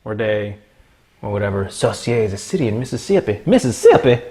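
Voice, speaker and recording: Animated, joking man hosting a cooking stream. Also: lowish voice, brisk, husky. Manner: playful, jokey, chatting with viewers. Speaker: livestream cooking host. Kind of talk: casual livestream chat while cooking. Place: home kitchen.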